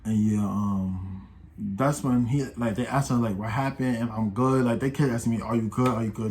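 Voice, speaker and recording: A young man of about eighteen recounts a story in loose, slangy talk, stumbling over restarts and acting out what others said. His voice sits at an ordinary middle pitch. A faint room hum runs underneath. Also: moderate pace, darkish tone. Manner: rambling, slangy, with many restarts and acted-out quotes. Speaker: vlogger. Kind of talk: casual storytime.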